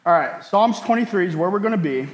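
A man's voice: high-pitched, expressive, fast. A man preaching a sermon as pastor, in an earnest way that repeats words and keeps asking "right?". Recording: echoey hall, long reverb.

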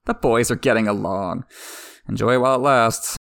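A man's voice: medium pitch, moderate pace, vocal fry, a bit bright, dry recording, studio quality. A man recapping a fantasy book in a wry, irreverent way, swearing casually. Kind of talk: sarcastic story recap.

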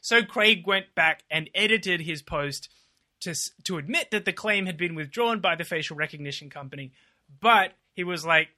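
Guy on a podcast, really bright tone, kinda high, sarcastic and laughy. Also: moderate pace. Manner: sarcastic, laughing, mock-chanting quotes. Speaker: podcast co-host. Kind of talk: casual political commentary chat.

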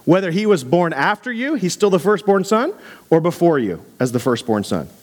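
A man preaching to a congregation, animated and conversational, dropping low for asides. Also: normal speed. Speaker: pastor. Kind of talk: sermon.

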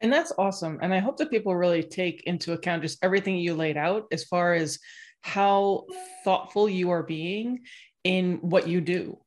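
A podcast host, speaking in a measured, appreciative way to the guest. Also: medium pitch. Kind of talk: casual interview chat.

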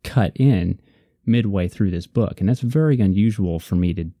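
Earnest man with a dark, mellow voice. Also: fairly low pitch, moderate pace, dry recording, studio quality. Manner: earnest, reflective, repeats for emphasis. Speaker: podcast co-host. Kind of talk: casual faith discussion.

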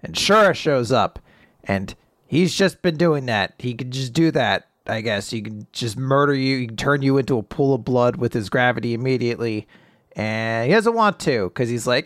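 A young man co-hosting a casual podcast, recapping a comic chapter in an animated, joking way and telling corny puns. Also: medium pitch, moderate pace, no room sound, clean studio sound. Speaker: podcast co-host. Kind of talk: casual manga recap chat.

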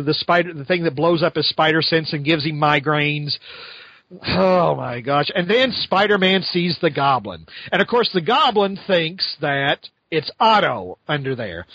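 A man's voice: on the high side, a bit bright, no echo, dull audio. A man hosting a podcast, reviewing a comic book in a rambling, sarcastic way and laughing often. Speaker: podcast host.

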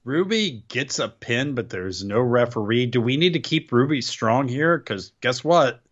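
A man's voice: mid-range voice, animated, a little slow, a bit bright, lo-fi sound. A man co-hosting a casual wrestling podcast, sarcastic and complaining, often tripping over his words. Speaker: podcast co-host. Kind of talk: casual wrestling recap chat.

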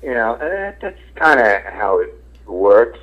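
A man's voice: medium pitch, big pitch swings, takes it slowly. A middle-aged man, a radio host and comedian, talking casually and frankly in an interview, rambling with lots of fillers and casual swearing. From Philadelphia. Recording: tinny phone-like radio sound.

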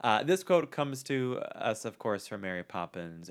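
A man's voice: fairly low pitch, brisk, hardly any pauses, a little hiss or hum. A man co-hosting a casual podcast, playfully telling corny jokes. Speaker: podcast co-host.

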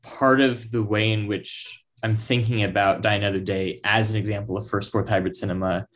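Male podcast guest, lower voice, academic, halting delivery. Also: level tone, fairly bright tone. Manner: thoughtful, hesitant, with ums. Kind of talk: casual academic discussion.

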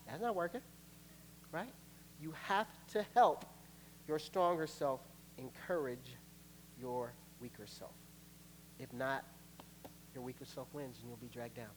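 A man preaching a sermon as pastor, lively and playful, acting out little quotes and laughing along the way. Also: on the high side, normal speed, pauses often, slight background noise. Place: church sanctuary.

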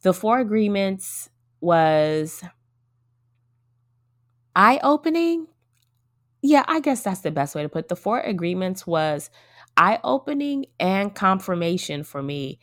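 Woman, 30s, solo podcast host; low register, dry close recording, earnest and reflective, chatty with her listeners. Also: sing-song, measured pace, dry recording. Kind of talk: casual solo podcast talk.

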